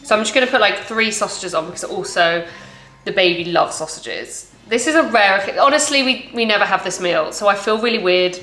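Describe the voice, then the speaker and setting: A woman's voice: mid-range voice, expressive, fairly quick, pushed and bright. A woman in her thirties, a mum chatting casually with many "like"s and giggles while cooking family dinner at home. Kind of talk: casual cooking vlog chat. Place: home kitchen. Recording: echoey kitchen with background noise.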